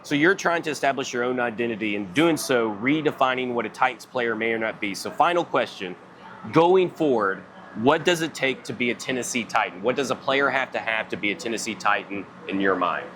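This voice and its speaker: A man's voice: mid-range voice, animated, a little fast, a bit bright. Rambling sports radio host, a man. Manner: long, rambling wind-up to each question. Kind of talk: radio interview. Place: live remote broadcast at a football event.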